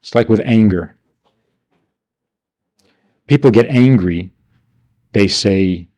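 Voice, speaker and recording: A man teaching a class as a rabbi, animated and rhetorical, acting out the people he quotes. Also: fairly low pitch, takes it slowly, long pauses. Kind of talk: lively classroom lecture. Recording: archival 1992 class recording.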